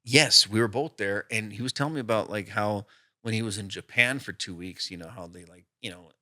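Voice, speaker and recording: A man co-hosting a podcast in loose, rambling casual chat, with stories that wander through fillers. His voice sits a touch low but has a bright edge. The sound is close and dry. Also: brisk, no echo. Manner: rambling, filler-heavy storytelling. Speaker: podcast co-host.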